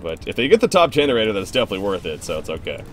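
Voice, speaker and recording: A man's voice: on the low side, racing, soft background music. A young man hosting a game stream, commenting on his own play and answering viewer questions in a chatty, rambling way. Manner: excitable, reacts loudly to plays, chatty and rambling. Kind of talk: live gameplay commentary and viewer Q&A.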